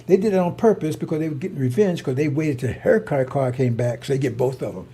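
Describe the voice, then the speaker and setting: A man's voice: mid-range voice, fast talker, warm tone, slightly rough. A man, telling a rambling personal story in a heated, emphatic, repetitive way. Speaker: online preacher.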